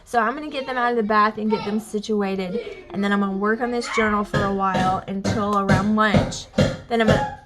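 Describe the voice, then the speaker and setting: Talking a little fast over loud music, this young Alabama woman vlogs for her family at home, drawling in a Southern accent. Her mid-range voice wanders through fillers and plenty of "y'all".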